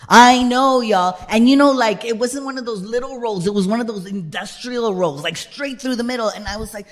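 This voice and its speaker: Animated man telling a stand-up story. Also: high-pitched, normal speed. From United States. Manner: animated, swings between loud punchlines and hushed whispered asides; chatty, keeps checking in with the crowd. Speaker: comedian and solo performer. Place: live stage before an audience.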